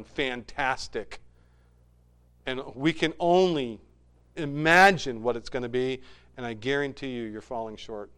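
A man preaching a sermon as pastor, moving from hushed, quiet passages to loud, fervent ones. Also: medium pitch, clear, resonant tone.

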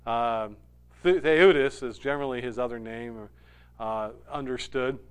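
A man preaching a sermon, animated, dropping to a hush and rising loud when he acts out quoted lines. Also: mid-range voice, normal speed, clear, resonant tone. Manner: animated, swings from hushed to loud when quoting. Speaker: pastor.

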